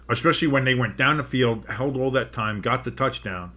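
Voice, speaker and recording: A man with a medium-pitched, pushed and bright voice talks fairly quickly with few pauses while casually commentating a football game live. He rambles, swears as plays unfold, and restarts his sentences.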